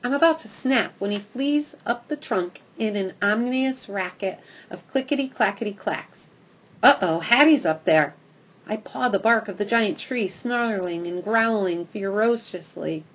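A woman narrating a children's storybook in the first person, expressive and lively. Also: mid-range voice, a little slow. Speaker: audiobook narrator.

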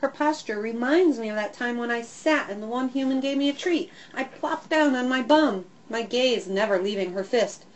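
A woman narrating a first-person children's story in a lively, expressive way. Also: fairly high pitch, moderate pace, hardly any pauses, muffled recording. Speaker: audiobook narrator.

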